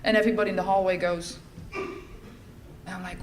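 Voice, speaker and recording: A middle-aged woman giving a personal testimony at a recovery fellowship event, telling her story in a lively way and acting out the lines she quotes. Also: mid-range voice, fast, a crowd in the background. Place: large event hall. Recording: echoey hall with faint ambience.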